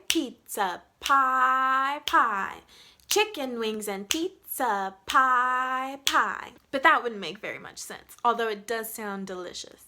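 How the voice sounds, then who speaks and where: Bright high-voiced woman teaching rhythm. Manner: chatty, demonstrates syllables by chanting them. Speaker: music teacher. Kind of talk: explaining rhythm to students.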